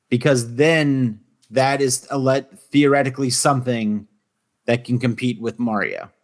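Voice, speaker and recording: A man co-hosting a podcast, talking emphatically and swearing freely, who reads facts aloud to the others. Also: medium pitch. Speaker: podcast co-host. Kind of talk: casual podcast chat.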